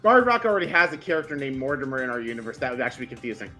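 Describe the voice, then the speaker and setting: A tabletop game player in casual chat who talks in an animated, teasing way and often restarts sentences. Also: mid-range voice, racing, soft background music.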